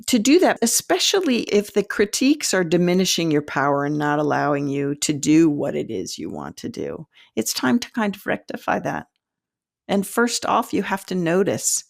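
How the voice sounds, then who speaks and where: A middle-aged woman speaks straight to the camera as a spiritual teacher, earnest and encouraging, laughing lightly as she goes. Her voice sits low and has a gravelly fry to it. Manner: earnest and encouraging, with frequent laughs and self-talk quotes. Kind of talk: direct-to-camera teaching talk.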